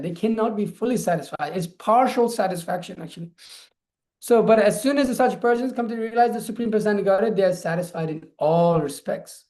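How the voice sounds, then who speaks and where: A man's voice: high voice, darkish tone. A man speaking casually in a scripture class, rambling with many restarts. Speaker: lecturer on scripture. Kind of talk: informal scripture class talk.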